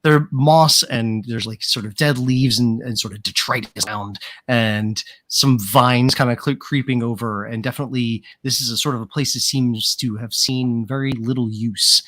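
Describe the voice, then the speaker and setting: A man runs a tabletop role-playing game, describing each scene loosely and piling on "sort of" and "kind of". His voice sits at a middling pitch. It is recorded dry and close on a podcast mic. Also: steady tone, moderate pace, few pauses, fairly bright tone, no room sound. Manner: rambling, hedging descriptions full of "sort of" and "kind of". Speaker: game master.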